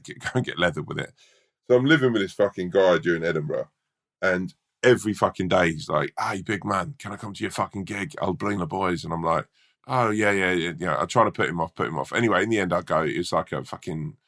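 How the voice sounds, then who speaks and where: Low, gravelly male comedian with a forceful tone, swearing through a casual anecdote. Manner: swears a lot, rambling anecdotes. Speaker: stand-up comedian and podcast co-host. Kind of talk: casual storytelling chat.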